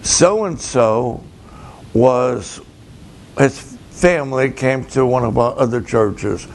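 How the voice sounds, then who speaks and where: A man, a pastor, telling a story slowly and dramatically, acting out both sides of the conversations. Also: medium pitch. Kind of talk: storytelling sermon to camera.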